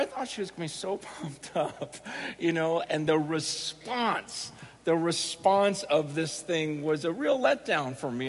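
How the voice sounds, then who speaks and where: High-voiced pastor, rambling and jokey. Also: male voice, in a large hall, noisy background. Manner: rambling, self-deprecating storytelling with many restarts; jokey, acts out his own inner thoughts. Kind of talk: sermon opening with a personal story.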